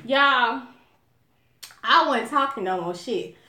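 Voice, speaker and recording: A woman from Alabama with a Southern US accent, telling a story to viewers in an animated, profane, casual style. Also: high voice, slow. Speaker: vlogger. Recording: echoey room.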